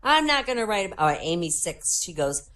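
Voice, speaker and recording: A woman's voice: lowish voice, very animated, fairly quick, a bit bright. A woman in her sixties doing stand-up jokes in an online voice comedy room, chuckling at her own punchlines. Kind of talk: stand-up joke telling.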